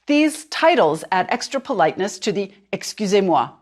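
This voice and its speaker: A woman teaches a language lesson, speaking clearly and deliberately. She slows right down on the words she wants repeated. Her voice moves up and down a lot as she explains. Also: medium pitch, sing-song. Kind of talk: instructional narration.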